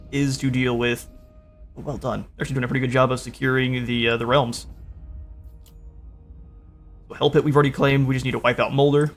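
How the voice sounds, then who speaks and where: A relaxed man talks through his strategy game moves in a mid-range voice, pausing with fillers as he plans each step. Faint music sits under his easygoing commentary. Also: mid-range voice. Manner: relaxed, thinking aloud with frequent fillers. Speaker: gaming channel host.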